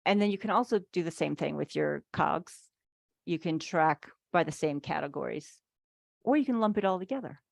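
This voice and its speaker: A woman's voice: deep voice, expressive, moderate pace, creaky, dry recording, clean studio sound. A woman giving a casual online workshop on business finances, chatty, full of "like"s and playful acted asides, speaking over a video call.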